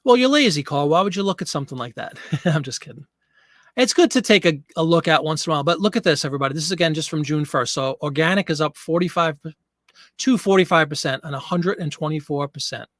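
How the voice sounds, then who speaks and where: A man's voice: fairly high pitch, a bit bright, no room sound, studio quality. A man hosting a casual live stream, chatting with viewers and a bit out of breath. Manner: chatty, reads viewer comments. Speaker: livestream host.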